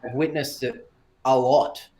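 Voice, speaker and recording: A man talking as a breathwork coach in a casual podcast interview, calm and explanatory, in short phrases. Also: medium pitch, measured pace.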